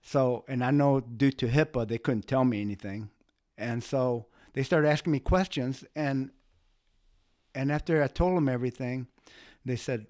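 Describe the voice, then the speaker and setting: A man's voice: mid-range voice, moderate pace, a little mellow, no echo, clean studio sound. A man telling a personal story as a guest, speaking casually with restarts and rising emotion. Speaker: guest, bystander who helped.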